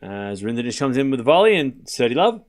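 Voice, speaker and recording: Lively Australian man calling tennis live. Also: medium pitch, fast talker. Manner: casual, chatty, laughs often at himself. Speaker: stream host calling scores. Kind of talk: live tennis watchalong commentary.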